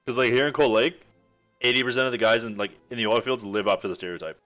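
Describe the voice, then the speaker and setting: A man's voice: medium pitch, steady tone, fast, a bit bright, soft background music. A man with a Western Canadian accent chatting casually to stream viewers, rambling with lots of fillers and frequent chuckles. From Alberta, Canada.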